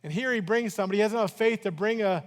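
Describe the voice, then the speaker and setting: A man preaching to his congregation with a fairly high voice and an easygoing, joking delivery. His words ring out with a long church reverb as he draws the listeners in and asks them to answer back. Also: rapid-fire. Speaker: pastor. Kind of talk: sermon. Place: church sanctuary.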